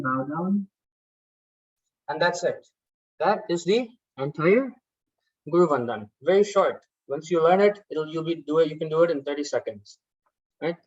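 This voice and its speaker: A man's voice: fairly high pitch, normal speed, dry recording, muffled recording. A man leading a workshop, patiently explaining a ritual step by step and often checking in with "right?". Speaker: workshop instructor. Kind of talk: guided ritual instruction.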